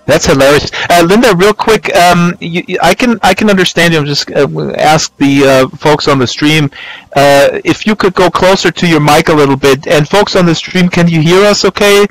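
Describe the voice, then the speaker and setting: A man's voice: on the high side, moderate pace, soft background music, low-quality recording. A man hosting a live-stream talk show, joking and rambling with many restarts. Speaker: show host. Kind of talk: casual live-stream chat.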